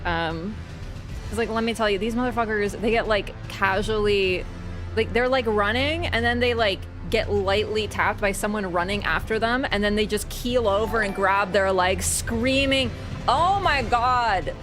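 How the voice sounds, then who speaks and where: A woman's voice: mid-range voice, normal speed, music in the background. A woman streamer in a casual live-stream chat, rambling and swearing as she rants.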